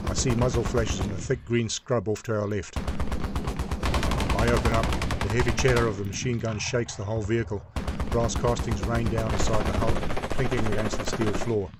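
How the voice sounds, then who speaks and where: A man in his sixties, a veteran telling a vivid first-person war story in a measured, present-tense way. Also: fairly low pitch, husky.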